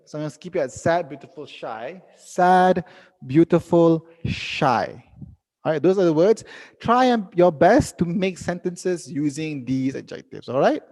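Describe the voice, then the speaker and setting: A young man teaching a live online English lesson, reading out students' sentences and correcting them gently. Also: fairly high pitch, expressive, a little slow, long reverb tail.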